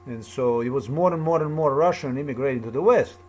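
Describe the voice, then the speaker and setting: A man's voice: medium pitch, brisk, a little mellow. A man talking alone in a rambling, repetitive monologue with loose, off-the-cuff phrasing. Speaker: commentator.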